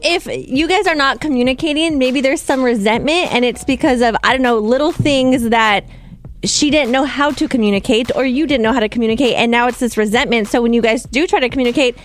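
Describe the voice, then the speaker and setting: A woman's voice: a little high, brisk. A woman co-hosting a casual radio talk show, arguing her side and asking for examples. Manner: defensive, asks for examples. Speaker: radio co-host.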